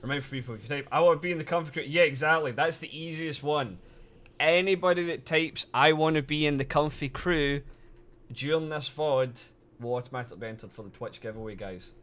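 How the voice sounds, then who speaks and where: Bright-voiced excitable male streamer. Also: a little high, a little fast. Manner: excitable, swears freely, laughs often. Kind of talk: casual live-stream chat.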